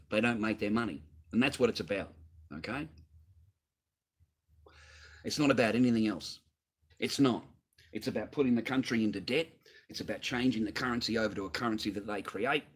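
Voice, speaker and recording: Husky, profane Australian man ranting. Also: medium pitch, a bit bright. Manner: profane, heated, repetitive. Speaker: livestream host. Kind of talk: ranting livestream chat answering viewers.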